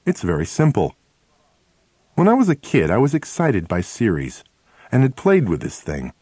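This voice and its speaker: A male audiobook narrator with a lowish voice that rises and falls a lot as he tells a first-person memoir. His delivery is lively and expressive. The sound is close and dry, with no room around it. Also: normal speed, husky, no room sound.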